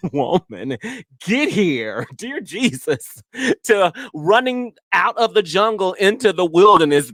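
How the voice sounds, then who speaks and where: A woman's voice: deep voice, no room sound, clean studio sound. Brassy, profane woman podcast host. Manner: profane, animated storytelling with frequent "girl". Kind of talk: casual chat.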